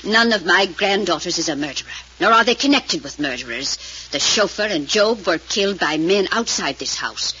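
A woman's voice: lowish voice, moderate pace, breathy edge, heavily acted. An actress playing a proud, stern elderly grandmother who dismisses every doubt, in 1940s radio acting. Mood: imperious. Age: older. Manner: imperious, flatly dismissive. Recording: dull lo-fi old radio recording.

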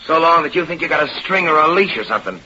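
A brash slangy vaudeville hoofer. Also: male voice, a little high, expressive, fast talker, bright, forceful tone. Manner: slangy, blustering, ungrammatical. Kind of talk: 1930s radio acting. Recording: dull, hissy old radio transcription.

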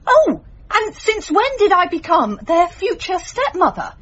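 An actress playing a sharp-tongued, scornful news editor in a radio sitcom. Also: female voice, very high-pitched, wildly swooping pitch, unhurried, full character voice. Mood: angry. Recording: dull lo-fi radio recording.

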